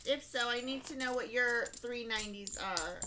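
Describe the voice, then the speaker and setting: A woman with a fairly high voice reads viewer messages aloud during a livestream. Her delivery is lively and friendly, and steady noise runs under the recording. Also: moderate pace. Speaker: co-host reading viewer messages. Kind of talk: casual livestream chat.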